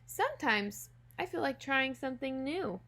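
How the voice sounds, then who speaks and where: A woman teacher reading a children's picture book aloud, gently and expressively, talking directly to young listeners. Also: high voice, animated, moderate pace. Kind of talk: children's storybook read-aloud.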